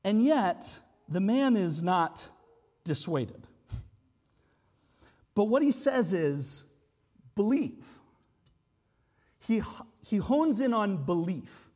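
Animated high-voiced male preacher. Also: slow pace, long pauses. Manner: conversational, explanatory, with frequent hedging asides. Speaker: pastor. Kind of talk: sermon. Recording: long hall reverb.

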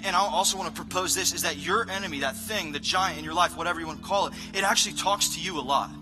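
A man's voice: high voice, fast talker, music in the background, low-quality recording. A man pastor preaching a conversational sermon in a church, rambling and self-deprecating with lots of filler words. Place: church stage. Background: live worship band playing softly.

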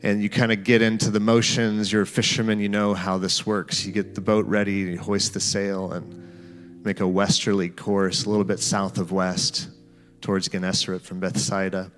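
Guy preaching, slightly low voice, walks you thru the story like you're there, soft music under it. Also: little pitch movement, normal speed. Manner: storytelling, addresses listeners as "you". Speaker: pastor. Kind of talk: sermon with guided imagery.

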